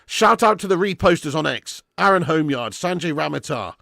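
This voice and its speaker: A man hosting a live football watch-along, sweary and bantering, swinging into excitable commentary. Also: on the high side, normal speed, vocal fry, no room sound, clean studio sound. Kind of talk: live match commentary and chat.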